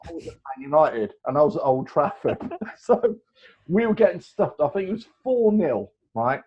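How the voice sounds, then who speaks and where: Animated man, slightly high voice. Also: moderate pace, breathy edge. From England. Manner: animated, rambling, laughs often. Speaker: guest. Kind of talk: casual storytelling chat. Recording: dull lo-fi recording.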